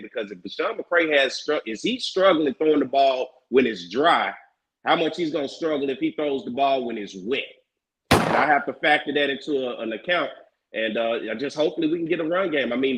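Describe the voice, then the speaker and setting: A man on a sports talk show, walking through a college football game at a measured pace. He keeps posing rhetorical questions as he makes his case. His voice sits in an ordinary male range. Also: mid-range voice, a bit bright, poor audio. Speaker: show panelist.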